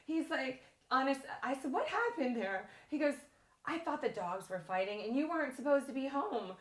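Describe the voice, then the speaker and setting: A woman's voice: high-pitched, sing-song, moderate pace, roomy sound. An American woman telling stories in a casual chat, saying "like" often and laughing easily. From United States. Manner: chatty, frequent "like", laughs easily.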